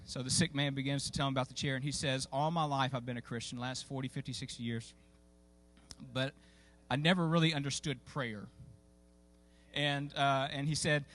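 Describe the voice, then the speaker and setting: A man's voice: medium pitch, fairly even intonation, normal speed, fairly bright tone. A man preaching a sermon, telling a story in a folksy, conversational way with many fillers and restarts. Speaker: pastor. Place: church sanctuary.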